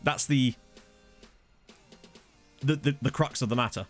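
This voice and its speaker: A man's voice: medium pitch, measured pace. A young man chatting casually and joking while playing a football management game, with game music faint behind. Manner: chatty, jokey, reacting to the match. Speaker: gaming channel host. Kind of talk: casual let's-play commentary. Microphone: desktop studio mic.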